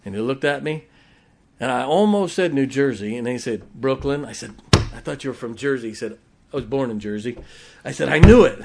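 Man, pastor, folksy joking sermon, bursts of shouting. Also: mid-range voice, a little fast, slight background noise.

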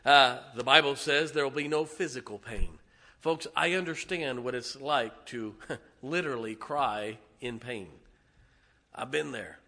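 A middle-aged man preaching a sermon to his church congregation, swinging from shouted emphasis to hushed, tender asides. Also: medium pitch, a little slow. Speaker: pastor. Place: church sanctuary.

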